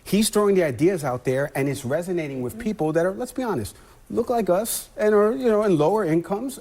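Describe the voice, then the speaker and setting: Husky man. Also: sits high, expressive, a little fast, a little mellow. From New York. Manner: earnest, talks in long runs with restarts. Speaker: TV panel commentator. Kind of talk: cable news panel debate.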